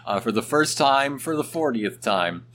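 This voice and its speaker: A man co-hosting a podcast in casual chat, talkative and quick to laugh. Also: mid-range voice, a little hiss or hum. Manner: chatty, laughs often, lively. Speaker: podcast co-host.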